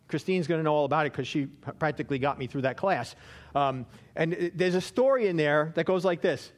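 A man teaching a Bible study in a chatty, conversational way, often checking in with his listeners. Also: fairly high pitch.

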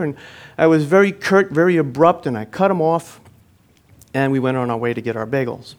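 A man preaching a sermon, telling a personal story in an earnest way, with phrases that swell and then fall quiet at the end. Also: on the high side, brisk.

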